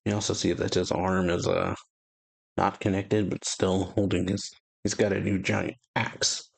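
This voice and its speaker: A man hosting a reaction video, retelling and reading a comic chapter aloud in a halting way full of fillers. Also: deep voice, flat delivery, gravelly, husky, no echo. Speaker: channel host.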